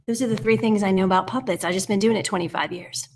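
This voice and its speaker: An American woman in her forties teaching a puppetry workshop, energetic and encouraging, counting steps aloud and often dropping to a whisper. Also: medium pitch, fast talker, few pauses. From United States. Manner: energetic and encouraging, keeps asking "right?". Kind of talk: online workshop instruction.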